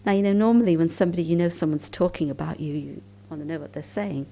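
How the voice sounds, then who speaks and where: A woman giving a spiritual talk at a conference, telling stories calmly and unhurriedly, sometimes dropping into soft, near-whispered asides. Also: sits low, fast talker, creaky. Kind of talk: storytelling lecture at a conference.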